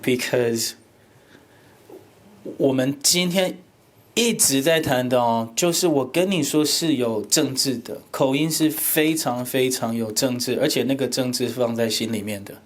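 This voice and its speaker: A man from Taiwan giving a teacher workshop lecture, switching between Mandarin and English in an animated, joking way. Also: mid-range voice, measured pace.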